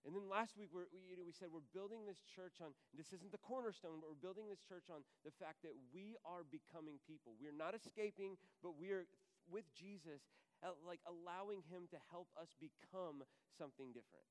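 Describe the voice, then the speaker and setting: A man's voice: high-pitched, brisk, clear, resonant tone, big-room sound. A man in his thirties preaching a sermon, telling a personal story and acting out the voices of the people in it. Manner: animated storyteller, acts out voices in quotes. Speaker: pastor.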